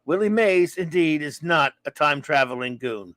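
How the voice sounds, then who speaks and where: A man hosts a casual live-stream, rambling through listener reviews and shout-outs and tripping over his words before correcting himself. His voice sits a touch higher than most men's. The sound is close and dry, with no room around it. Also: animated, dry recording. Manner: rambling, stumbling, self-correcting with quick laughs. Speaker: podcast host reading listener reviews.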